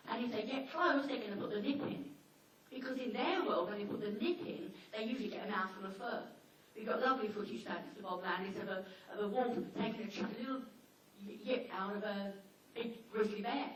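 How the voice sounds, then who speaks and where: A woman giving a live seminar talk to an audience, telling stories and acting out dialogue with sudden jumps in pitch. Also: a little hiss or hum. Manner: animated storyteller, acts out dialogue with lively pitch jumps. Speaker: dog behaviour speaker. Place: lecture hall. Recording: echoey hall, voice from far off with faint ambience.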